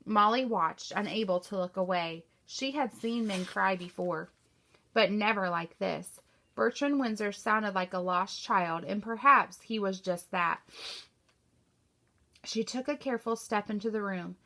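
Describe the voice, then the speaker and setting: A woman teacher reading a novel aloud to her class in a steady storytelling manner. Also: medium pitch, unhurried.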